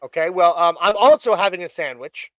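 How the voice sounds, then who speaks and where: A man's voice: sits high, animated, fairly quick, dry recording, muffled recording. A man hosting a casual live stream chat, talking in a rambling way with many fillers and restarts. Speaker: host.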